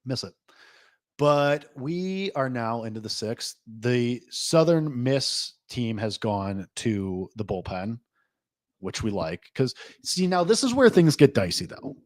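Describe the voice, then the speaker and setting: A man hosting a live sports betting reaction show, talking loosely and rambling, full of "like", with excitable jumps and low asides. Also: slow pace, dry recording. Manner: rambling, loose, heavy use of "like"; excitable swings between lively and low asides. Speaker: host.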